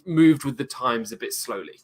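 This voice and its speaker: A man's voice: medium pitch, animated, normal speed. A British man co-hosting a casual movie review, speaking thoughtfully and rambling with many restarts. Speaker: co-host, film reviewer.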